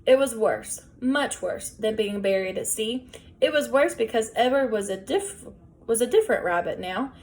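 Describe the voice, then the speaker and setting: A woman reading a children's novel aloud in a gentle, measured storytelling voice. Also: fairly high pitch, expressive. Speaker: audiobook reader.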